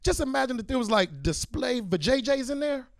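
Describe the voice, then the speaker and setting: A male stand-up comedian on a club stage, telling animated stories straight to the crowd through a handheld mic. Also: very high voice, a little fast, creaky, no echo, clean studio sound. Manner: boisterous, animated storytelling, direct to the crowd.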